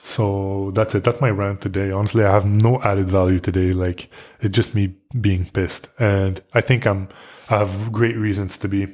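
A man's voice: deep voice, level tone, normal speed, a little mellow. A young man from Quebec, hosting a podcast and delivering an angry, profanity-laced solo rant full of restarts and repetition. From Quebec, Canada. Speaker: podcast host.

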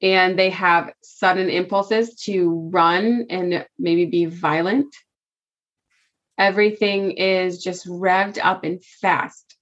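A woman's voice: lowish voice, steady tone, slow, fairly bright tone. Woman podcast co-host, casual chat, chatty, thinks aloud, slightly muffled lo-fi sound.

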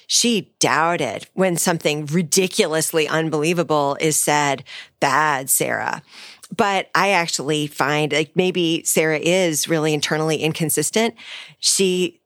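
A woman scholar in a relaxed discussion, offering measured, wry commentary. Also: sits low, no echo, studio quality. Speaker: scholar guest. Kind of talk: conversational discussion.

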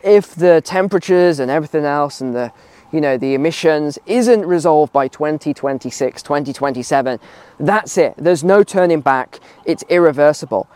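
A man's voice: on the high side, animated, moderate pace, a little mellow, clean tone, no room sound. A man talking outdoors on a walk, giving emphatic opinions and repeating phrases for stress. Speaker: video commentator. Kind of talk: casual opinion vlog while walking.

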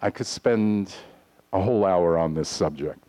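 A man preaching a sermon to his congregation, earnest and deliberate, reading scripture aloud. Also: low-pitched, warm tone. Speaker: pastor. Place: congregation hall.

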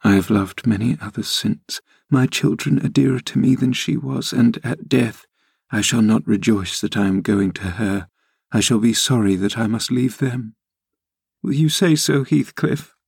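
A man's voice: medium pitch, moderate pace, creaky, a little mellow, husky, no echo, clean studio sound. A man voicing a dying young woman, bitter and yearning, pleading with feverish passion.

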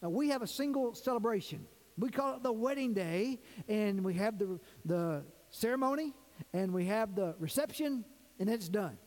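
A man's voice: sits high, lively intonation, darkish tone. A man preaching a sermon as pastor, reading scripture and stretching out key words for emphasis. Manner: preaching with emphatic, drawn-out stresses. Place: church sanctuary. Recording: reverberant church hall.

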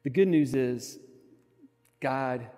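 A male pastor preaching an earnest sermon in a church sanctuary, moving between quiet reflection and emphatic stress. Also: medium pitch, slow pace. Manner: earnest, swinging from soft to emphatic. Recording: long hall reverb.

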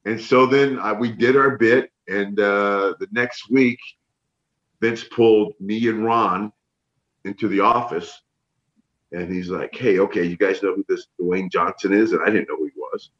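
A middle-aged man from the northern United States telling animated stories as an interview guest, acting out what others said. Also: fairly low pitch, a little slow, echoey room. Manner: animated storyteller, acts out quotes. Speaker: interview guest, former wrestler. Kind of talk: casual storytelling. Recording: dull lo-fi sound.

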